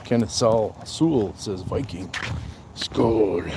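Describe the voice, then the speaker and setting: A man hosting a casual livestream on a night walk, greeting viewers by name and answering their comments in a relaxed way. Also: lowish voice, slow pace, a little hiss or hum. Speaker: livestream host.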